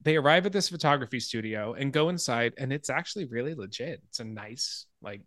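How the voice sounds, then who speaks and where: A man hosting a podcast in casual chat, retelling a film scene in an animated way and laughing along. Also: medium pitch, a little fast, dry recording. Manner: animated storyteller, laughs and swears freely. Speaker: podcast host.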